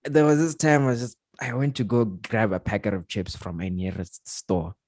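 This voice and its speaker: A man's voice: on the low side, normal speed, no room sound, studio quality. A man hosting a casual podcast chat, telling stories with lots of slang and laughter. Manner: animated storytelling with slang and laughter. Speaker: podcast host.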